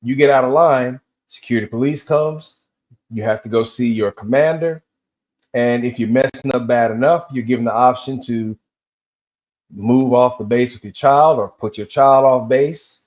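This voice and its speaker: Mid-range and somewhat mellow, the voice moves at a moderate pace. It's a Tennessee vlogger in his fifties ranting solo, his loose anecdotes straying from tangent to tangent.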